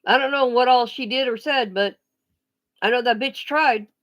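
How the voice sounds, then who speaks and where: A woman's voice: on the high side, fairly bright tone, dull audio. A woman ranting bluntly on a casual vlog, swearing freely and often restarting her sentences. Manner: blunt, profane, emphatic; halting restarts and pauses. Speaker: vlogger.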